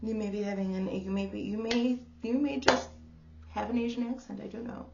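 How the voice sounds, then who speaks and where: A woman's voice: mid-range voice, little pitch movement, fairly quick, vocal fry, lo-fi sound, heavy background noise. A woman giving a casual spiritual tarot reading to the camera. She talks in a chatty, exclaiming way and calls the listener darling. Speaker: tarot reader.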